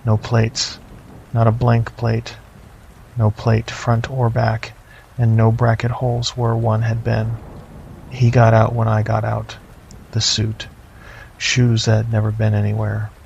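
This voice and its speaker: A middle-aged man narrating a first-person horror story in a slow, measured, deadpan way. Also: on the low side, vocal fry. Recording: slightly dull lo-fi, faint noise.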